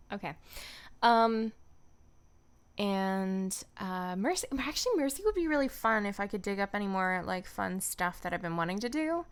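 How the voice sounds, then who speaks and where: A woman voice actor chatting casually on a livestream from home, self-deprecating, laughing often and filling pauses with ums. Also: medium pitch, animated, clear, resonant tone. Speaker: voice actor streamer.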